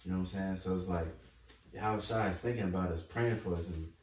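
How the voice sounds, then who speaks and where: A man co-hosting a casual religious talk, relaxed and affirming, steering the discussion. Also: low-pitched, fast talker, slight background noise. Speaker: co-host. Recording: distant echoey room mic.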